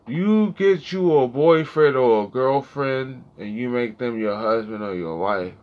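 A man in his thirties with a slangy, swearing manner, talking casually and straight to his viewers in a rambling monologue, at times mumbling low and at times getting loud. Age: 30s. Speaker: vlogger. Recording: dull lo-fi sound.

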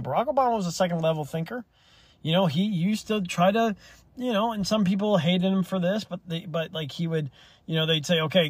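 A man's voice: on the high side, no echo. A young man hosting a solo opinion podcast, rambling and swearing freely as he argues his views. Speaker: podcast host.

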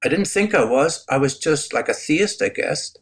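An older man with a Northern Irish accent talks at normal speed in a slightly high voice with lively intonation and a breathy edge. Being interviewed as a guest, he earnestly and reflectively tells his personal testimony, with many restarts.

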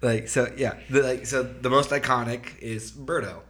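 A man hosting a casual podcast, explaining at length in a relaxed way with many fillers. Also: mid-range voice, normal speed, slight background noise. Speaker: podcast host. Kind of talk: casual chat.

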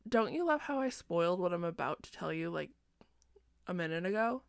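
Sleepy, chatty young woman with vocal fry. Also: lowish voice, lively intonation, a little fast, no room sound, studio quality. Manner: chatty, self-deprecating, digressive. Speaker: podcast host. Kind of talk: casual book recap.

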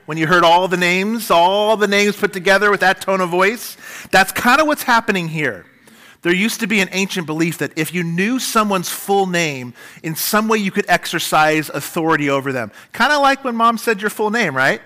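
Male pastor, bright, slightly high voice, animated sermon delivery. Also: normal speed. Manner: animated preaching, dramatic shifts in pitch and volume.

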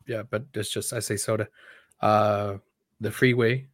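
A man's voice: lowish voice, steady tone, normal speed, no room sound, studio quality. A man co-hosting a casual chat, rambling and swearing, slipping Spanish phrases into his English. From Chicago area. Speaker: podcast co-host.

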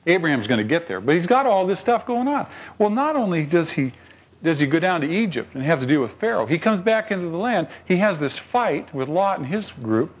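A man preaching a sermon, telling stories and asking rhetorical questions of his congregation, swinging between high emphatic lines and low quiet asides. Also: big pitch swings, fairly quick, muffled recording. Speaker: pastor.

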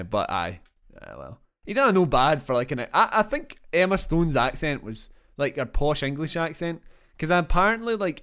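A man's voice: medium pitch, a bit bright. A young Scottish man co-hosting a podcast, chatting casually about a film in a rambling, joking way full of fillers. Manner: rambling, jokey, lots of fillers. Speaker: podcast co-host.

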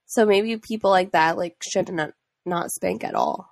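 A young woman with a somewhat low voice, speaking in a thoughtful, hesitant way with frequent "like" fillers. She is a parent sharing her views in a casual chat. The sound is dry and close. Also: a little slow, gravelly, dry recording. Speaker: parent in a conversation.

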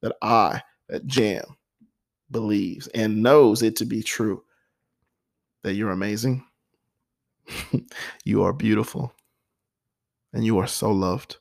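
A man's voice: on the low side, steady tone, slow, vocal fry, pauses often. A man hosting his own talk show, speaking earnestly and from the heart about his life, often repeating phrases. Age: adult with a nine-year-old son. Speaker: podcast host. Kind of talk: personal motivational monologue.

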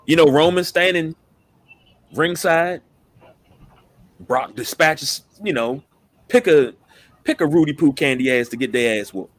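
Brief: man, slightly high voice, slangy and stammering podcast co-host, dry close mic. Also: unhurried, pauses often, no echo. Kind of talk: casual wrestling chat.

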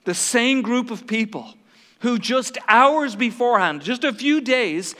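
High-voiced, bright male preacher. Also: lively intonation, a little slow, big-room sound. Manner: dramatic, emphatic preaching with voiced quotes. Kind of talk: sermon.

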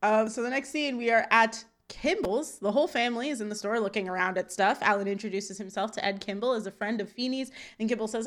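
A woman's voice: a little high, brisk, fairly bright tone. A woman co-hosting a podcast, recapping a sitcom episode scene by scene in casual chat, quoting lines and laughing often. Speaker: podcast co-host.

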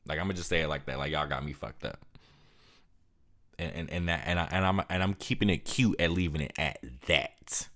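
Deep-voiced weary, frustrated man. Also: fast talker, few pauses, fairly bright tone. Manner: frustrated, weary and blunt, swears often. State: exhausted and depressed. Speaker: podcast host. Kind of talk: candid monologue.

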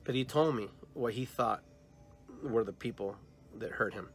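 A male podcast host telling a dream story in a lively way, acting out the dialogue he quotes. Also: fairly low pitch, moderate pace, faint music behind. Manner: animated storyteller who acts out quoted dialogue.

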